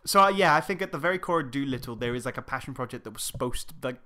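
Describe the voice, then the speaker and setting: A man's voice: mid-range voice, animated, rapid-fire, pushed and bright. A man co-hosting a casual film podcast, building his opinions thoughtfully with many "like"s and "I reckon"s. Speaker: podcast co-host. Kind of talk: casual film review chat.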